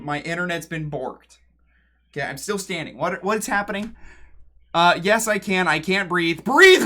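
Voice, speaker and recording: Chatty, higher-voiced male streamer. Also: a bit bright. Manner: rambling, joking, talks straight to chat; drifts away from the mic while moving around. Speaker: livestreamer. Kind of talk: casual livestream chat. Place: home room with a piano.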